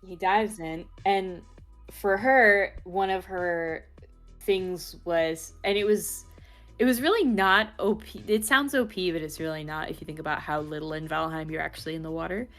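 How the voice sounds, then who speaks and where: Low-voiced woman telling a roleplay story. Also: normal speed, faint music behind. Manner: animated, storytelling, swears freely. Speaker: roleplayer interviewee. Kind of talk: casual chat.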